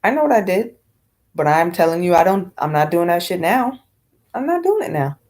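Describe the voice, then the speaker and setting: A woman with a slightly low voice rants on her vlog in a blunt, unfiltered way. She swears freely and rambles with lots of fillers and restarts. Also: big pitch swings, moderate pace, darkish tone. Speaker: vlogger. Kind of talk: casual vlog rant.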